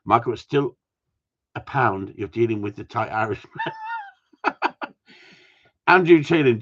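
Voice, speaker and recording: Hosting a gundog group's live stream, this man is playful and relaxed, ribbing viewers and reading out their comments. His mid-range voice is expressive and a bit bright, measured and full of pauses, heard through dull lo-fi sound.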